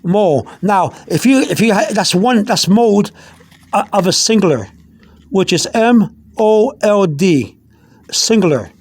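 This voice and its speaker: This man's voice sits high and sounds expressive, a touch slow and slightly mellow. He's a Spanish teacher running a casual pronunciation lesson on a one-handed phone recording, patiently repeating words and frequently starting over.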